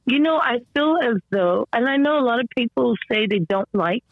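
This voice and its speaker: A woman as a podcast guest tells her story in an animated, rambling way, full of fillers and restarts, and acts out the people she quotes. Her voice sounds slightly strained. The recording is dull and lo-fi with a dry, close sound. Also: a little high, normal speed, no echo. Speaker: podcast guest, mother of an autistic son. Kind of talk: conversational storytelling interview.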